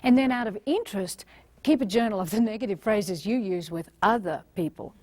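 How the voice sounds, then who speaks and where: A middle-aged woman with an Australian accent gives a motivational seminar talk in an animated, emphatic way. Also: medium pitch, fairly quick, no echo. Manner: animated, emphatic, acts out little scenes. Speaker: motivational speaker.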